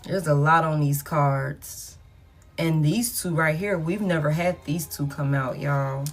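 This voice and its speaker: A tarot reader with a deep voice speaks a little slowly over faint background music. She does a casual reading to camera, chatting with her viewers directly and swearing freely.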